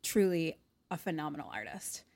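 A woman's voice: low voice, animated, moderate pace, gravelly, darkish tone, dry recording. A woman co-hosting a comedy podcast, wry and casual, laughing and swearing as she chats. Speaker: podcast co-host. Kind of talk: casual chat.

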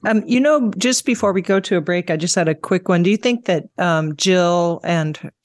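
A woman's voice: on the low side, normal speed. A woman cohosting a talk show, asking questions in a hesitant, casual way. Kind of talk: casual interview chat.

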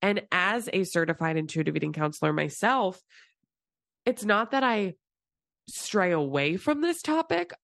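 A low-voiced woman hosts her podcast with a stuffy, congested nose from a cold. She rambles along in a chatty, casual way with quick asides. The sound is dry and close. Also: very animated, creaky, a bit bright, dry recording. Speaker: podcast host. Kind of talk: casual solo podcast chat.

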